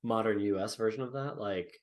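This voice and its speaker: A man's voice: lowish voice, fairly quick. A man co-hosting a podcast in casual chat, with dry, jokey asides. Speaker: podcast co-host.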